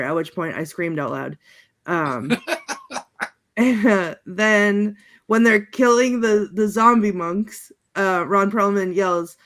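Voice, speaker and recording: A woman on a panel chatting casually, laughing often and halting with many fillers. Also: mid-range voice, fairly bright tone. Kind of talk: casual chat, recounting movie quotes.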